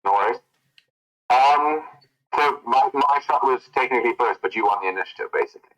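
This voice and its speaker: A man's voice: medium pitch, fairly quick, a bit bright, dull audio. A man acting as game master, narrating scenes and working out the rules aloud. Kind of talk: narrating and ruling a tabletop game.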